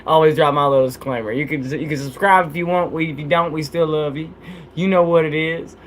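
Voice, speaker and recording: A man's voice: on the high side, fairly even intonation, a little fast, fairly bright tone, slight background noise. A young man hosting a casual livestream, laid-back and slangy, joking and laughing often. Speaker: livestream host.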